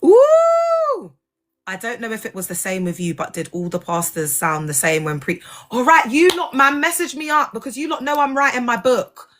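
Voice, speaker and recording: A woman's voice: fairly high pitch, fairly quick, few pauses, sharp tone. A woman hosting a casual livestream, talking animatedly and in slang straight to her viewers. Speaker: livestream host, former church member.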